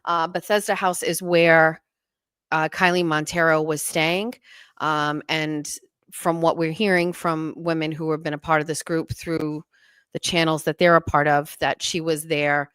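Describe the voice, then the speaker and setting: A woman's voice: low-pitched, little pitch movement, measured pace, a bit bright, smooth, dry recording. A woman hosting a livestream talk show, speaking in a reassuring, encouraging way.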